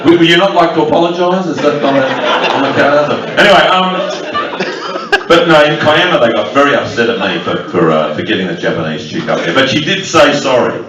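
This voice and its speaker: A man's voice: medium pitch, animated, a little fast, background noise. A man doing an abrasive, crude stand-up set with lots of crowd-work. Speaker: stand-up comedian. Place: club function room with a live audience. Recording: distant mic in a crowded echoey club. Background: loud audience laughter.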